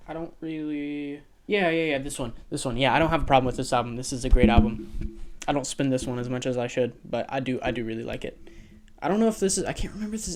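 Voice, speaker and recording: A young American man chatting casually about his records, with lots of fillers and restarts. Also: mid-range voice. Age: young adult. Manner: rambling, self-deprecating, many fillers and restarts. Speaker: vlogger. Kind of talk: casual chat.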